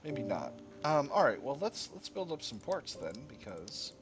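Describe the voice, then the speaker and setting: A man's voice: medium pitch, big pitch swings, unhurried, noisy background. A man hosting a gaming channel, musing and rambling with fillers as he comments on a strategy game.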